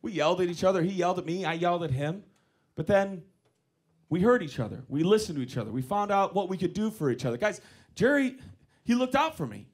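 A male stand-up comedian telling a story live on stage in a comedy club, animated, slipping into voices. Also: sits high, quick pace. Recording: live club with crowd noise.

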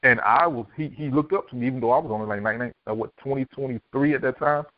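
A man from Miami tells his life story as a podcast guest, playing out each exchange with the people in it. He talks at a rapid clip. The sound is thin and phone-like, and very dry. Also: medium pitch, dry recording. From Miami, Florida. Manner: vivid storyteller who acts out quoted dialogue. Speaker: podcast guest, author and speaker. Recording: dry, tinny phone-like line.

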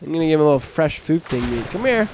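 Excitable high-voiced young man gaming. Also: very fast, very noisy. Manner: excitable, yelps and shrieks at scares; jokey, bro-slang banter with viewers. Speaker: gaming video host. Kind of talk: let's play commentary.

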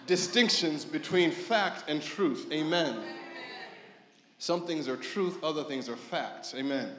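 A male pastor preaching an animated sermon, telling stories, mimicking people and shouting for emphasis. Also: on the high side, a little slow, crowd noise. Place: church sanctuary. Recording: echoey church hall.

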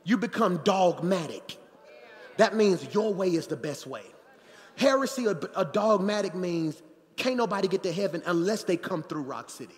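A pastor preaching a sermon in a church, animated, calling out to the congregation and joking with them. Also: male voice, sits high, normal speed. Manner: animated preaching with crowd call-outs and jokes. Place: church sanctuary. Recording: long church hall reverb.

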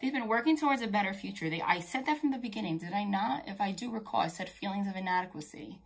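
A woman's voice: mid-range voice, animated, fast talker, breathy edge, soft background music. A woman doing a tarot reading straight to camera, chatty and emphatic, swearing casually and talking directly to the viewer. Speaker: tarot reader.

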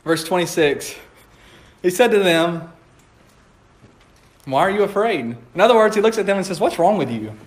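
A man's voice: high voice, animated, normal speed, pauses often. A man preaching a conversational sermon in a church, playful and laughing often as he acts out quotes.

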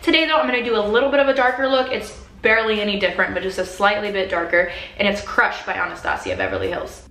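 A woman's voice: medium pitch, expressive, fast talker, sharp tone, reverberant. A young woman vlogging casually at home, chatty and self-deprecating about her makeup. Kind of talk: casual vlog chat. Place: home room.

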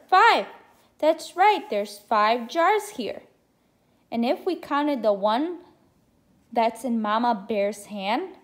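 A woman teacher reading a picture book aloud to children, encouraging them to count along with her. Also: a little high. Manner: encouraging, addresses listeners as friends.

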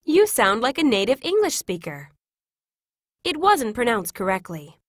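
Woman reading classroom English, lively pitch. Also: a little slow, no echo, studio quality. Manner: clear, careful, instructive delivery. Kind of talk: scripted reading of example sentences.

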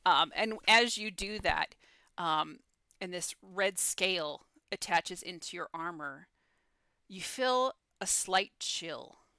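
A woman narrating a tabletop game as game master, with animated descriptive delivery over an online call. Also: lowish voice, slow, dry recording.

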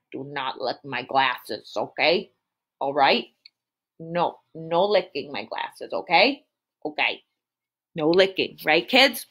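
A woman with a deep voice and slow delivery entertains preschoolers on a live stream. She tells a story in an animated, sing-song style and asks the children questions.

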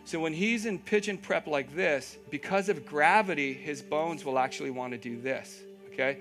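A man's voice: on the high side, normal speed, fairly bright tone, faint music behind. A man teaching a live yoga class, giving encouraging cues, checking in with "okay?", and making playful asides.

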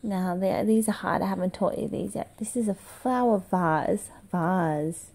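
A mother quizzing her toddler with flash cards, asking questions slowly in a sing-song voice, praising her and making animal noises. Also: medium pitch, darkish tone, breathy edge.

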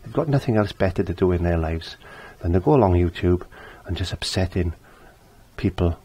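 Husky older man teaching painting. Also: deep voice, expressive, normal speed, dark tone. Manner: chatty, repeats his phrases. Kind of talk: casual painting tutorial.

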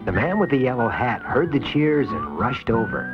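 A man narrating a children's storybook cartoon with an expressive reading, on a dull lo-fi VHS tape. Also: medium pitch, normal speed, over loud music.

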